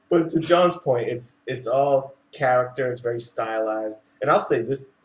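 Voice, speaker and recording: A man's voice: mid-range voice, measured pace. A man co-hosts a comic book podcast with plenty of enthusiasm, filling his talk with "like". He is from Massachusetts, and his voice carries a roomy echo. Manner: enthusiastic, says "like" a lot. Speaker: podcast co-host. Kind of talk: casual chat.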